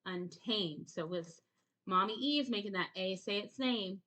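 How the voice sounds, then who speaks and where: A woman's voice: medium pitch, unhurried, sharp tone. A woman teaching her child to read at home, patiently repeating words and asking short quiz questions. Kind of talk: home phonics lesson.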